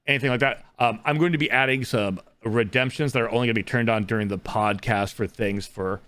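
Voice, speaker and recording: A man's voice: mid-range voice, fairly even intonation, a little fast, a bit bright, smooth, no echo. A man from the Pacific Northwest co-hosting a casual podcast, rambling through stories with many restarts and asides. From Pacific Northwest, USA. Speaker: podcast co-host and streamer.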